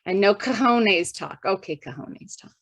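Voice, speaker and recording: A woman's voice: medium pitch, expressive, unhurried, fairly bright tone, no room sound. A woman hosting a community video call, chatty and emphatic, laughing easily. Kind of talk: upbeat motivational call hosting.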